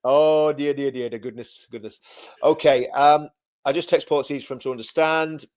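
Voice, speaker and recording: A man hosting a relaxed livestream chat, his voice sitting a little higher than most. He talks in loose, repeating runs and laughs often between thoughts. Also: moderate pace. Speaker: livestream co-host.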